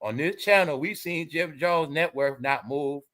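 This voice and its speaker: A man hosting an online commentary show, ranting loudly and mockingly, full of slang and swearing. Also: on the high side, a little slow.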